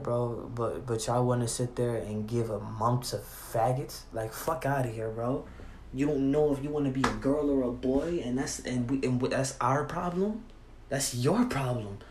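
A young man with a medium-pitched, slightly mellow voice delivers a heated, profane rant to camera. He says "bro" over and over and keeps restarting. The room echoes with faint ambience and slight background noise.

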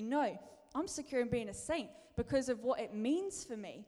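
A woman's voice: a little high, animated, normal speed, dark tone. A woman preacher giving a sermon in a chatty, self-deprecating way, building to emphatic bursts. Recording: long reverb of a large hall.

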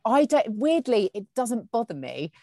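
A woman's voice: a little high, big pitch swings, moderate pace, dark tone, no echo. A woman from England, a TV presenter telling stories in casual chat and acting out quoted lines. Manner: chatty storyteller, acts out quoted dialogue. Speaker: TV presenter as guest.

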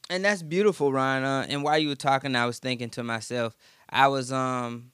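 A man's voice: medium pitch, fairly even intonation, fairly quick, clear, resonant tone, dry recording. A man co-hosting a casual talk, affirming his partner and asking thoughtful questions, on a dry close mic. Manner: warm affirming listener, asks thoughtful questions. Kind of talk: casual conversation.

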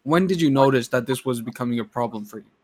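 A man's voice: mid-range voice, quick pace, darkish tone, dry recording. A young man from Pakistan, a podcast guest, who chats casually, swears freely and says "yeah" a lot. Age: young adult.

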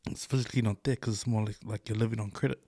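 A middle-aged New Zealand man talks in a fairly low voice, loose and chatty, swearing and laughing as he goes. The sound is dry and close, with no room around it. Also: steady tone, rapid-fire, warm tone, husky, dry recording. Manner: loose, swears a lot, laughs often, fillers like "eh" and "bro". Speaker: podcast co-host. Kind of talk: casual chat.

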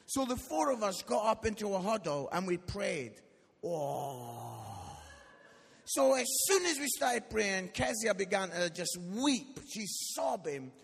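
A man's voice: high voice, animated, measured pace, vocal fry, hardly any pauses, husky. A Scottish man in his forties, a guest preacher telling funny stories in a live church sermon, often tagging lines with "yeah?". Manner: jokey, tags lines with "yeah?", acts out quotes. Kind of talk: humorous storytelling sermon. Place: church hall, live audience. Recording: live church hall with long reverb.

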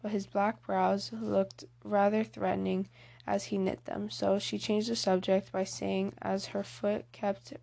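Woman reading a classic, gravelly low-key voice. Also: level tone, a little slow, mellow. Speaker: audiobook reader. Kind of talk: storybook reading of a classic novel.

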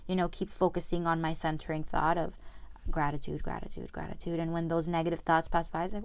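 Chatty upbeat young woman, lower voice. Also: level tone, a little fast. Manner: chatty, upbeat, lots of fillers. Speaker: podcast host. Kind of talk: casual solo podcast chat.

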